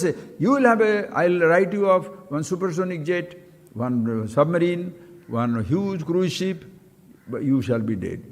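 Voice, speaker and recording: A man's voice: sits high, darkish tone, big-room sound. A man giving a spiritual talk, asking his listeners questions and repeating key phrases to stress them. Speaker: spiritual teacher. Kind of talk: live-streamed spiritual talk.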